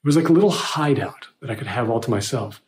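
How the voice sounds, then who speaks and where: A man narrating a first-person horror story in a measured, scripted way, recorded with a roomy echo. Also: mid-range voice, animated, darkish tone.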